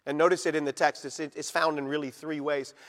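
High-pitched pastor preaching hard, loud then hushed, big echoey church hall. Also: male voice, little pitch movement. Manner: emphatic preaching, swinging between loud and quiet, slowing for stress. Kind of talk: sermon. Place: church sanctuary. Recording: long reverb of a large hall.

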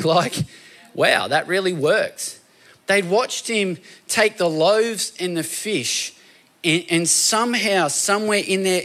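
A man preaching a sermon in a conversational, animated storytelling way, often acting out voices. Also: a little high.

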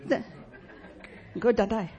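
A woman preaching a sermon in church, emphatic and lively, asking the congregation rhetorical questions. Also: on the high side, takes it slowly, highs cut off, crowd noise.

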